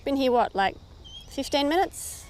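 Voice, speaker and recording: Australian woman, slightly high voice, unhurried chatty fishing commentary, outdoors. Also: slight background noise. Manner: chatty, talks to the fish, gets very excited. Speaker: fishing vlogger. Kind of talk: casual running commentary while fishing. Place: outdoors by the water in the rain.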